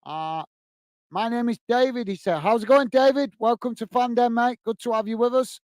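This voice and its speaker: Man, high voice, smooth clean tone, live match play-by-play, friendly chat with viewers, dry close sound. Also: moderate pace, darkish tone, no echo. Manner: friendly, chatty play-by-play, calls viewers mate. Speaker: host of a football watch-along stream.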